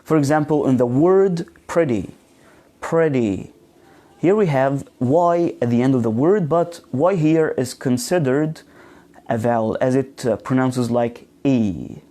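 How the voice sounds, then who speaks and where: Slow, mellow-voiced man teaching. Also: mid-range voice. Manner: slow, hesitant, with many fillers and restarts; models words slowly and asks students questions. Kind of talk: live online pronunciation class.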